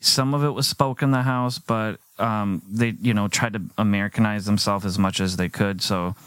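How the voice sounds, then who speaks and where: A man's voice: fairly low pitch, fairly even intonation, normal speed, a bit bright, smooth, dry recording. A man hosting a podcast, chatting casually and rambling with fillers and quoted asides. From United States. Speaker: podcast host. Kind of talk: casual interview chat.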